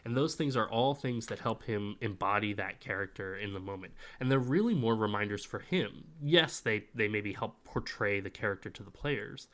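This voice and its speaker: Low, bright-voiced man giving advice. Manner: explanatory, gives advice at length. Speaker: podcast co-host and game master. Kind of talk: casual podcast chat.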